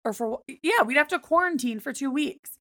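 A woman's voice: high-pitched, lively intonation, brisk, pushed and bright, no echo, clean studio sound. A young woman co-hosting a podcast, retelling a story in casual chat and acting out both sides of the quoted dialogue. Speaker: podcast co-host.

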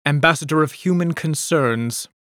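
A man's voice: fairly high pitch, moderate pace, a bit bright, no echo, clean studio sound, natural voice. A man voicing a stern, formal middle-aged woman official in an audiobook, speaking in a clipped, formal way.

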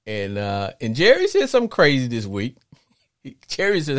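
A middle-aged man from Arkansas hosting a call-in sports podcast, talking in an animated, rambling way with frequent restarts. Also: on the low side, normal speed, dry recording, studio quality.

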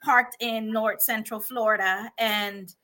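A woman's voice: on the high side, steady tone, takes it slowly, sharp tone. A woman from Honduras, a guest candidly telling her life story and often laughing and restarting her sentences. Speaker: podcast guest.

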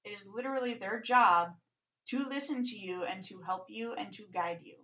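A woman's voice: medium pitch, normal speed, fairly bright tone, low-quality recording. Blunt, outspoken woman podcast co-host. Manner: blunt, outspoken, swears casually. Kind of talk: casual podcast conversation.

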